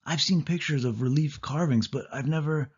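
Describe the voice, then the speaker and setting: A man's voice: a little high, normal speed, slightly rough, voice pushed up. A man voicing a cautious young boy who protests anxiously in a storybook reading. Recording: dull lo-fi audio.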